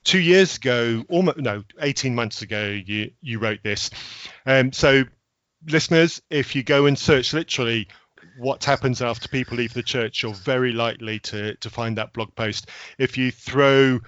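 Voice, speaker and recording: A man's voice: medium pitch, moderate pace, fairly bright tone, no room sound. A British man co-hosting a podcast in casual chat, wry and teasing, with small restarts. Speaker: podcast co-host. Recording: dry, slightly muffled podcast audio.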